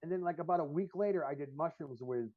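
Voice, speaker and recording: A man's voice: fairly high pitch, fast talker, no room sound. A man co-hosting a podcast, telling long, profane, rambling stories full of fillers in casual chat. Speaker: podcast co-host. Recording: dull lo-fi stream audio.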